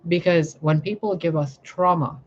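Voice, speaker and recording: A woman's voice: lowish voice, steady tone, normal speed, lo-fi sound. A woman tarot reader giving an impassioned spiritual monologue, fiery and confrontational, full of swearing and rhetorical questions.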